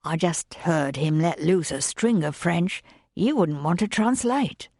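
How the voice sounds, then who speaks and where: A woman's voice: lowish voice, expressive, measured pace, darkish tone, no echo, clean studio sound. Woman doing a cheeky flirtatious manservant. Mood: teasing. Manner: teasing, suggestive.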